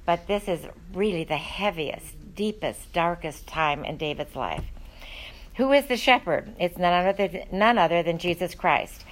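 A woman's voice: fairly low pitch, lively intonation, unhurried, low-quality recording. A woman teaching a Bible study, talking in an earnest, conversational way with frequent ums and uhs.

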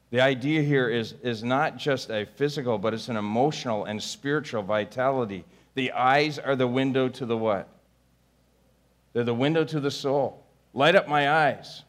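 Impassioned male preacher, swings loud and soft. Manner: dynamic preaching, rising to near-shouted pleas and dropping low. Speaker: pastor. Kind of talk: sermon.

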